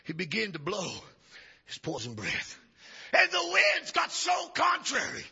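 A male preacher delivering a revival sermon, chanting upward and dropping to a hush. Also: sits high, wildly swooping pitch, a little slow, gravelly, husky. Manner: chanting rises and sudden drops to a hush. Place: church sanctuary. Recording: dull lo-fi church recording.

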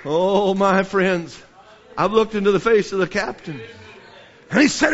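A man preaching a sermon, telling a story with passion and rising to shouts, with many restarts. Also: sits high, measured pace, pauses often. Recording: dull lo-fi sermon recording.

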